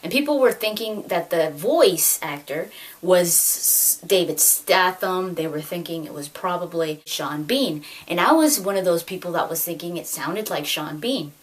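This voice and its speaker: A woman in her twenties chatting excitedly about gaming news with lots of fillers, recorded at home. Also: on the low side, measured pace. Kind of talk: casual chat.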